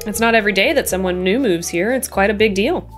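A woman's voice: mid-range voice, fast, soft background music, close to an everyday voice. A woman reading the lines of a genial older male town mayor in a video game, folksy and welcoming.

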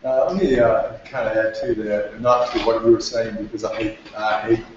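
A man's voice: lowish voice, moderate pace, slight background noise. Guy telling a cold call story, dry humor, muffled lo-fi room sound. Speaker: entrepreneur at a workshop. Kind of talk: storytelling at a workshop. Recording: echoey room, distant and lo-fi.

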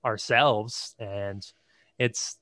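A man's voice: on the low side, steady tone, extremely slow, bright, forceful tone, dry recording. Rambling male podcast host, dry sound. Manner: rambling, hesitant, many fillers like "like". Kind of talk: casual conversation.

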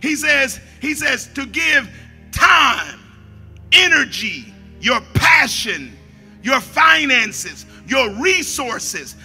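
Raspy high-voiced preacher guy, gravelly, repeats himself a lot, music under him. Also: very animated, extremely slow. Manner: preaching with shouted peaks and quiet asides, repeating phrases. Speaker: pastor. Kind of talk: sermon.

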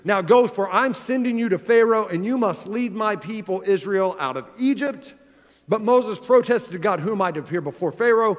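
A man's voice: high voice, animated, normal speed, big-room sound. A man in his thirties preaching, telling stories in a conversational way and building to emphatic exhortation. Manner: earnest, conversational storytelling that rises to emphatic exhortation. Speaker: pastor. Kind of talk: sermon.

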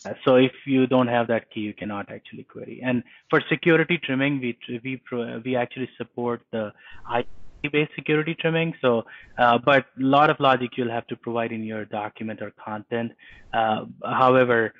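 A man presenting a live technical webinar demo, talking in a halting way with many fillers and restarts. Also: mid-range voice, no echo. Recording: tinny phone-line audio.

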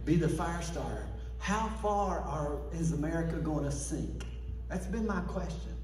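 A fairly high-voiced man preaching with fervor, calling for responses from the pews. He sounds far from the microphone, and his voice rings around a reverberant church sanctuary. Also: expressive, a little slow, darkish tone. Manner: fervent call-and-response preaching. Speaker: pastor. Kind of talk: sermon.

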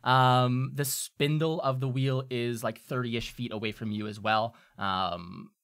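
A man's voice: mid-range voice, steady tone, unhurried, fairly bright tone, clean tone. A man running a tabletop game as game master, narrating with many fillers.

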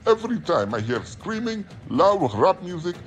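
A man's voice: high voice, very animated, normal speed, slight background noise. A man playing a nervous middle-aged male rideshare driver who talks in a repetitive, earnest way. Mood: fearful. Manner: repetitive, earnest, keeps saying "my friend". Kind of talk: comedy skit character.

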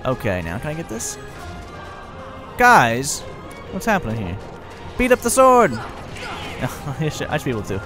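A young man giving excitable, chatty let's-play commentary, laughing often. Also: medium pitch, moderate pace, long pauses, over music. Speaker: gaming video host.

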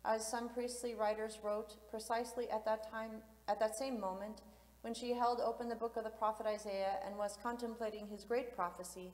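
A woman reading hymns and the feast's story aloud in church, solemn and measured. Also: fairly high pitch, little pitch movement, a little mellow. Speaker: reader and chanter. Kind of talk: liturgical reading and chant. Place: large church. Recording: roomy echoing church from afar.

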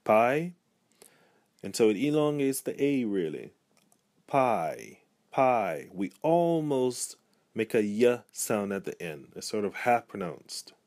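A man's voice: fairly low pitch, big pitch swings, measured pace, dark tone, dry recording, studio quality. A man giving a pronunciation lesson, speaking patiently and repeating each example word. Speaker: language teacher. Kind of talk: pronunciation tutorial.

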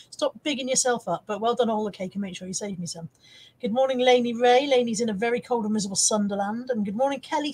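A middle-aged woman hosts a casual live stream from home, her voice on the high side, darkish and husky, captured on a rough recording through a wired camera close by. Chatty and teasing, she reads out viewers' comments and shows off things she has bought to resell.

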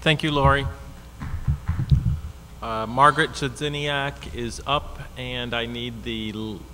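A man's voice: mid-range voice, fairly even intonation, slow, bright, forceful tone, slight background noise. A man chairing a town hearing, briefly and matter-of-factly calling up the next speakers. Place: town meeting hall.

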